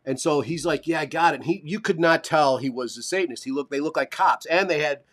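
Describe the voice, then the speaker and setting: Fast-talking and fairly high-pitched, a podcast co-host rambles through a long anecdote while chatting casually on a live stream. He gets animated, swears, and performs the voices of those he quotes.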